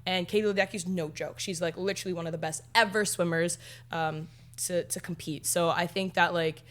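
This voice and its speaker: A young woman who plays pro sport, co-hosting a podcast in a relaxed casual chat with many "um"s and "yeah"s. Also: fairly low pitch, a little fast. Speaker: podcast co-host, pro athlete.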